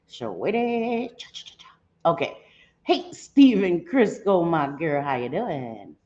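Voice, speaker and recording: A woman's voice: fairly low pitch, a little mellow. A middle-aged woman hosting a casual livestream from home, chatting and greeting viewers by name. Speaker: livestream host. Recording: slightly dull livestream audio.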